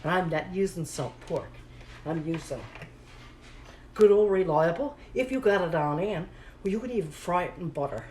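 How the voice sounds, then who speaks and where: A woman chatting casually as she cooks in her home kitchen, repeating her phrases and talking to herself in a slightly hushed voice. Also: expressive, normal speed, a little hiss or hum, rough recording. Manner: talking a little low and hushed. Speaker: home cooking vlogger. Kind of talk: casual cooking chat to camera. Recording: home kitchen recording, audible pan sizzle. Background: frying pan sizzling.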